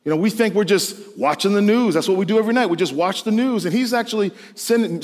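A man's voice: sits high, fast, hardly any pauses, darkish tone, big-room sound. A male pastor preaching a sermon to students in an emphatic, storytelling way. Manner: storytelling, emphatic, rising to exclamations.

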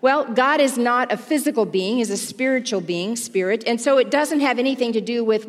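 A woman delivering a sermon in a measured, teaching tone, lingering on important words. Her voice is somewhat high for a woman and carries long reverb from a large church hall. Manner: warm, measured teaching, slowing on key words. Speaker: pastor's wife and teacher.

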